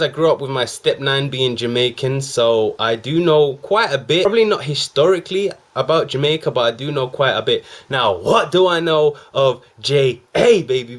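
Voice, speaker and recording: A young man hosting a reaction video, talking in a casual, excited, slang-heavy way. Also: mid-range voice.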